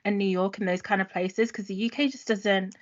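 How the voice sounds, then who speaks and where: Woman, young adult, podcast co-host, casual quick chat, dull lo-fi recording. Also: medium pitch, steady tone. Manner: casual, quick and chatty with slang.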